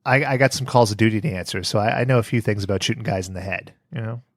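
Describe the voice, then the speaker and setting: A man's voice: lowish voice, fast, no echo. Podcast guy joking around, laughs a lot, dry close mic. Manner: jokey, laughs often, does silly voices. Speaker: podcast co-host. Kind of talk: casual comedic chat.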